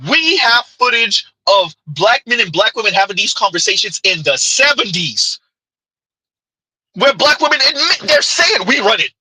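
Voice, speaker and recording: Animated, husky man reacting in disbelief. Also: high voice, moderate pace, dry recording, poor audio. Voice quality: husky, very bright and animated, incredulous exclamations. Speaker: commentary streamer. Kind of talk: reaction commentary.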